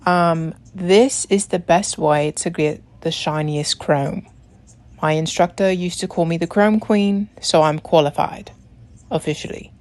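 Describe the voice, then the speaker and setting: A woman's voice: lowish voice, fairly even intonation, unhurried, a little mellow. A young woman talking through a nail tutorial in a casual, rambling way, with many "like"s and chatty asides. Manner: rambling, lots of "like", laughs while talking.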